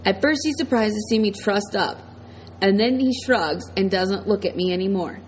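A woman reading a first-person audiobook in a steady, plain storytelling manner. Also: mid-range voice, moderate pace, a little hiss or hum, low-quality recording. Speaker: audiobook narrator.

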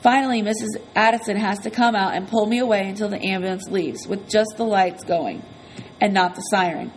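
A woman's voice: medium pitch, fairly quick, slight background noise, poor audio. Brief: woman narrator, first-person audiobook, earnest conversational storytelling, mid-range voice.

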